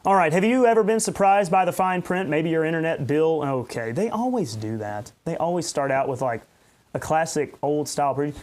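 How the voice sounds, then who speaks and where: A man's voice: a little high, lively intonation, normal speed, a little mellow. A man, a pastor hosting a podcast, rambling and ranting in unscripted commentary with sarcastic asides.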